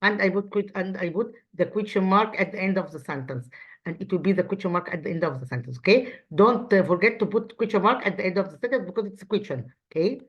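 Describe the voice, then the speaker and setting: An Egyptian woman teaching English as a second language. She talks at a middling pitch with many restarts and repeated words, checking her class with "okay?". The audio sounds a little dull and lo-fi. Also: quick pace. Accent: Egyptian Arabic. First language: Arabic. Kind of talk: revision lesson.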